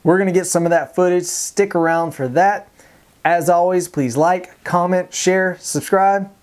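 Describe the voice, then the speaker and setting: In a high, steady voice at a measured pace, a Texan-accented man vlogs casually to camera about fishing. Plainspoken and determined, he rambles, often restarting and saying um.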